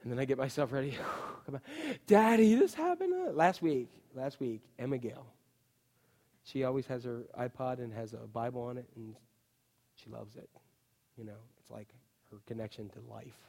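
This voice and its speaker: A man preaching a chatty, animated sermon as a pastor, full of asides and "you know". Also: mid-range voice, moderate pace, creaky. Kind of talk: conversational sermon. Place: church. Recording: long reverb of a church hall.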